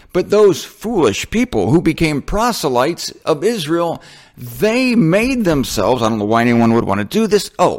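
A man with a slightly raised pitch teaches from scripture in a loose, conversational way. He is wry and self-deprecating, stopping to correct himself and addressing his listeners directly as folks. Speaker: Bible teacher. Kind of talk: informal Bible teaching.

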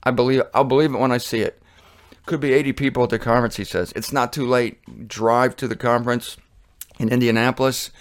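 Middle-aged male Bible teacher, passionate and conversational, mid-pitched, reads scripture and talks straight to viewers. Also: clear, resonant tone.

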